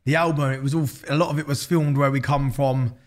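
A man from England with a London accent, a business founder appearing as a guest in a casual interview chat, talks loosely with lots of slang, fillers and swearing. His medium-pitched voice is fairly quick, with fairly even intonation.

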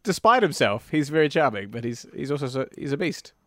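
A man in casual film chat with a dry, wry delivery that often trails down into a low mutter. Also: sing-song, fairly quick, no echo.

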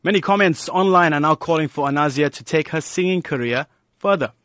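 A man narrating a scripted radio news feature in an even, polished delivery. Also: a little high, fairly quick, slight background noise.

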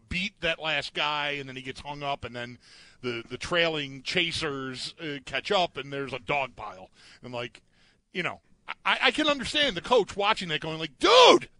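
A man's voice: on the high side, sharp tone, no room sound. A man co-hosting a sports talk show, chatting casually, often restarting and trailing off as he acts out what players might say. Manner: hesitant, trailing off, acts out quotes. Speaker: sports podcast co-host.

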